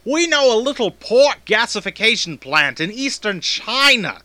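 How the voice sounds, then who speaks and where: A man's voice: sits high, sing-song, normal speed, sharp tone, dry recording, heavily acted. An actor playing an irritable, pompous male voice actor who snaps at his director with theatrical, insulting outbursts in a comedy sketch. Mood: announcer read.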